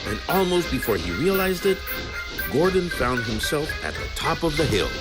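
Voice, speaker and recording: A man narrating a children's train storybook in a slow, expressive reading. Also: fairly high pitch. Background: background music.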